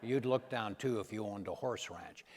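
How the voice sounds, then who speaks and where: A man doing an impression of a folksy older statesman who opens with a breathy, hesitant "well" before he speaks. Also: lowish voice, normal speed, pitched below the performer's own voice, lightly acted. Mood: wry. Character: folksy older male statesman, wry and soft-spoken.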